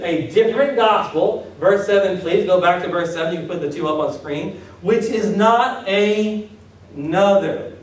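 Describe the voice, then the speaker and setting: A man preaching a sermon as pastor, talking conversationally with acted-out asides and questions to the congregation. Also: high-pitched. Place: church hall. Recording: echoey hall, distant mic.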